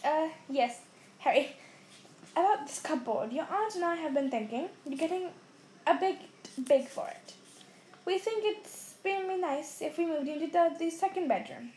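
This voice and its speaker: A gruff, blustering middle-aged uncle from a storybook reading, snappish and short-tempered, as a woman puts him on. The voice sits fairly high and rings in an echoey room with a faint hiss behind it. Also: a little slow, a little mellow. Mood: forced friendliness. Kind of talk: storybook read aloud.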